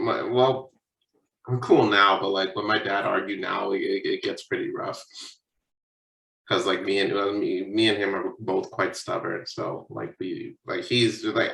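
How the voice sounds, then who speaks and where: A man's voice: on the low side, vocal fry, sharp tone. A young man co-hosting a podcast, telling a story in casual chat, swearing often and mimicking his parents. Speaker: podcast co-host. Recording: echoey room, picked up from a distance.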